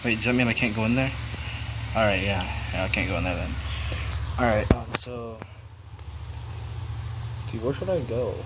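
A man's voice: on the low side, moderate pace, pauses often. A man hosting a gaming video, chatting playfully with viewers as he plays. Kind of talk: casual gameplay commentary. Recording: loud background noise.

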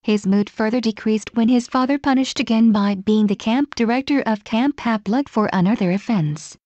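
A woman narrating a fan story aloud in a steady, even reading voice. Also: fairly high pitch, moderate pace, dry recording, muffled recording.

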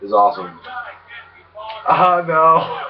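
Guy rambling over gameplay, slow and crude, sounds far off the mic and kinda dull. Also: a crowd in the background. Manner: rambling, crude, laughing, swings into high excited yelps. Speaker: gameplay commentator. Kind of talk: casual game commentary.

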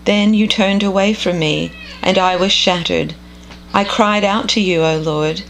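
A woman reading scripture aloud in a measured, contemplative devotional style. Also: mid-range voice, fairly even intonation, slight background noise, poor audio. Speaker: scripture reader.

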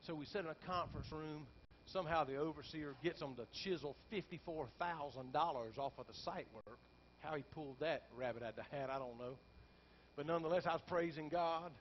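Animated preacher with a high voice. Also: male voice, normal speed. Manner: animated, climbing into shouted peaks, folksy asides to the congregation. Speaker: pastor. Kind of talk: storytelling sermon. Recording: dull lo-fi sound with faint background noise.

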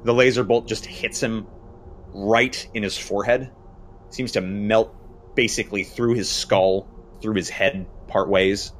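A man's voice: on the low side, fairly even intonation, measured pace, slight background noise. A man narrating a horror tabletop game as game master, dramatic and full of fillers.

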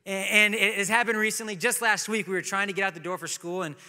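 A man in his thirties preaches a sermon, telling stories in a relaxed, conversational way with touches of humor. His voice sits a little high and sounds bright and forward. A long hall reverb trails after his words in the church. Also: brisk. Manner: conversational storytelling with light humor. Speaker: pastor. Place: church sanctuary.

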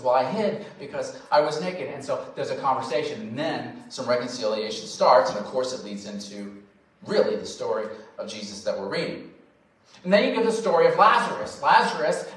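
Male pastor, high voice, dynamic preaching, recorded from a distance in a reverberant hall. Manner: dynamic preacher, swings from loud emphasis to quiet, drawn-out phrases. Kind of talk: sermon. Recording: very echoey hall, voice from far off.

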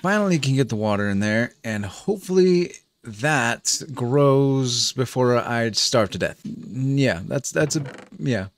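A man's voice: medium pitch, expressive, a little slow, dry recording. A man giving gameplay commentary as a let's play host, chatting as he thinks aloud, often restarting sentences and chuckling.

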